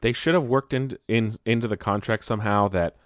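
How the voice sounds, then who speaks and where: A man's voice: lowish voice, a little fast, no echo, studio quality. A young man chatting casually about gaming news, rambling with frequent restarts and stumbles. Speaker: gaming video host.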